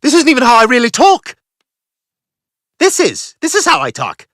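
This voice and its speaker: A man's voice: very high-pitched, huge pitch swings, normal speed, pushed and bright, no echo, clean studio sound, heavily acted. A man voicing a pompous, scheming cartoon baby boy who rants theatrically and melodramatically. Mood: petulant confession. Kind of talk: cartoon voice acting.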